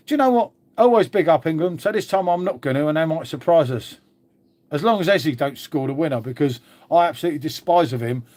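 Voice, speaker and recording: A man's voice: fairly high pitch, a little mellow. A man hosting a casual live stream, chatting to viewers, reacting to comments and calling everyone "mate". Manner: chatty, calls people "mate" constantly. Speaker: livestream host.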